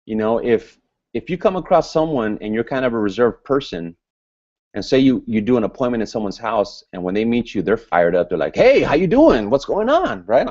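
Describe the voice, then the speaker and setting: A man presents at a business seminar in a loud, fired-up motivational style, his voice sitting fairly low. The recording is dull and lo-fi. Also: brisk. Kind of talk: motivational training talk.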